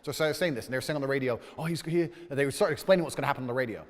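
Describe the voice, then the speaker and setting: A man telling a story in a casual, animated way, swearing freely and acting out the dialogue. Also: mid-range voice, very fast, long reverb tail. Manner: animated, profane, acts out dialogue.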